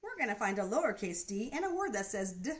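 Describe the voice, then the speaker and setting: A woman preschool teacher leading a phonics lesson in a bright, encouraging, sing-song teacher voice. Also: mid-range voice, big pitch swings, quick pace. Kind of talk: children's lesson.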